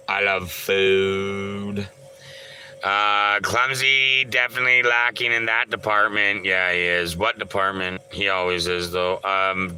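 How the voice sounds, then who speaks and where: A man's voice: lowish voice, sharp tone, slight background noise, low-quality recording. A man hosting a casual livestream, rambling and joking as he greets viewers by name and answers their chat. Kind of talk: casual live-stream chat.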